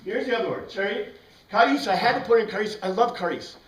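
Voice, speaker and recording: Male Bible teacher, slightly high voice, animated and digressive, heard from a distance in an echoey classroom. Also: fast. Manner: animated, digressive, spells out Greek words. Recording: roomy room, distant mic.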